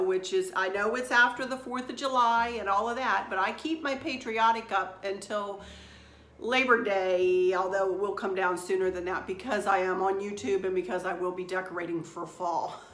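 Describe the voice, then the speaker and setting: A middle-aged woman with a medium-pitched, fairly bright voice leads a chatty craft tutorial from home. Upbeat and rambling, she is recorded in a roomy space with faint noise behind her.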